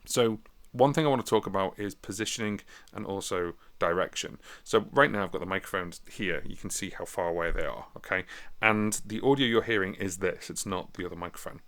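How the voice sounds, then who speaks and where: Chatty British man, low voice. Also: fairly quick, a bit bright. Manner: chatty, rambling, explains step by step. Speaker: musician demonstrating recording gear. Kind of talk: casual gear tutorial. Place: indoors at a table. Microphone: phone mic and small stereo recorder.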